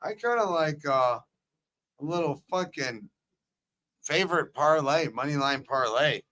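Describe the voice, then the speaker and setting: A man's voice: fairly high pitch, animated, a little slow, pushed and bright. A man co-hosting a live sports betting stream, joking and swearing freely.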